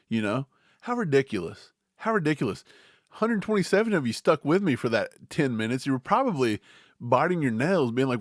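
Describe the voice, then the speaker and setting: A man hosting a casual livestream, talking in an animated, rambling way. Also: a little high, no echo, clean studio sound. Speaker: livestream host.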